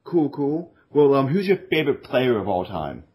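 A man's voice: mid-range voice, big pitch swings, moderate pace, slightly rough, muffled recording. A man hosting a podcast interview, asking light questions in an easygoing way. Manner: easygoing, laughs along, brief prompts. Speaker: podcast host. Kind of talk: casual interview.

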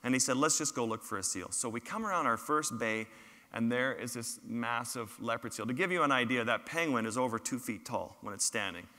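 A man's voice: medium pitch, animated, a little fast, bright, forceful tone. A photographer giving a public talk, telling his field stories with humorous, self-deprecating asides. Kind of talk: storytelling lecture with slides. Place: large lecture hall. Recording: reverberant lecture hall.

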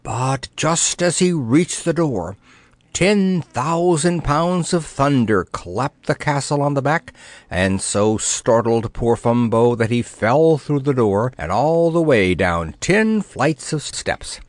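A man narrating a children's storybook in an expressive, playful way. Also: medium pitch, slow, no room sound. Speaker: audiobook narrator.

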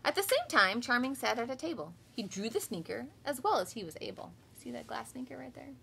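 A woman in her thirties, a kindergarten teacher, reading a picture book aloud to children with lively voiced storytelling, then leading a home class. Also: on the high side, brisk, vocal fry, slight background noise.

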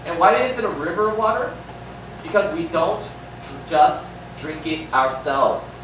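A man's voice: a little high, lively intonation, measured pace, background noise. A male pastor preaching a sermon, asking the congregation questions and repeating key lines. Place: large echoey church hall. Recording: echoey hall from far off with faint ambience.

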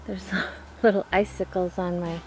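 A woman with a drawl talks her way through snowy woods, breathless and quick to laugh. She chats to herself like she's talking to a friend. The outdoor recording carries a clear hiss of noise from the handheld camera. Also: lowish voice, flat delivery, warm tone. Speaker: vlogger. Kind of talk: casual outdoor vlog.

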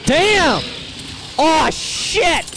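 A man streaming a video game live, shouting excited curses and taunts at the enemies. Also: extremely high pitch, drawn-out words, low-quality recording. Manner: loud excited cursing and taunting. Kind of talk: live gameplay commentary. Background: game music.

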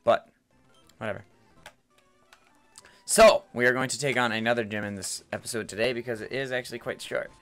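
A man's voice: medium pitch, fairly even intonation, fairly quick, pauses often, fairly bright tone, faint music behind. Rambling, playful male gamer. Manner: rambling, playful, repeats words. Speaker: let's player. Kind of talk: casual game commentary. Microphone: headset.

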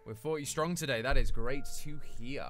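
A man's voice: mid-range voice, normal speed, a bit bright, soft background music. A young British man chatting casually with his live chat as a streamer, rambling and friendly in a small home room. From Britain.

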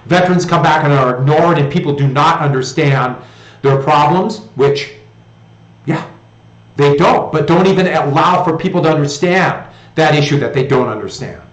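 A history teacher with an American accent lectures his class in a loose, conversational way, wandering into joking asides. His voice sits a little high for a man. The sound is roomy, with a noticeable echo.

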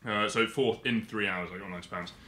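A man's voice: fairly low pitch, fast, reverberant. A man, telling stories as a podcast guest and acting out the voices of people he quotes. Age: 20s. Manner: lively storyteller who acts out quoted voices. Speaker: guest artist. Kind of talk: casual podcast storytelling.

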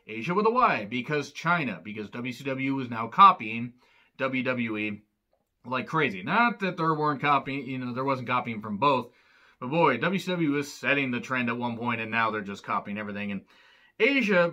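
A man with a bright, forceful voice recaps a wrestling broadcast in a loose, unscripted way. He rants in exasperation and drops frequent profanity. His asides land with dry sarcasm. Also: medium pitch. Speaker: wrestling show reviewer. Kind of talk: casual recap commentary.

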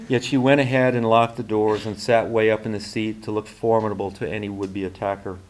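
A man, an author and teacher, reading literary fiction aloud in a measured, even way, now and then restarting a phrase. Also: fairly low pitch. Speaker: author and faculty member.

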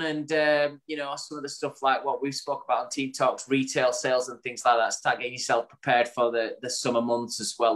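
A man's voice: mid-range voice, fairly bright tone. A man, co-hosting a podcast in casual chat and wrapping up the episode with an upbeat summary. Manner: chatty, upbeat, wraps up with a summary. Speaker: podcast co-host.

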